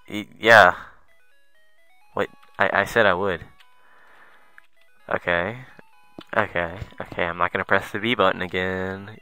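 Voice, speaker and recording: A young man doing let's play commentary, excitable and foul-mouthed, muttering asides and then yelping at the game. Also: low-pitched, a little slow, pauses often, smooth, no echo, faint music behind, low-quality recording. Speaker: gamer.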